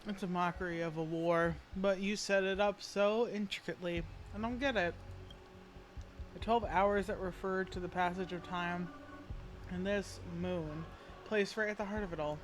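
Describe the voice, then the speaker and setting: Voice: medium pitch, close to an everyday voice. A streamer voicing a cynical gunslinging servant. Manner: dry, weary, threatening. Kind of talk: amateur voice acting over a game.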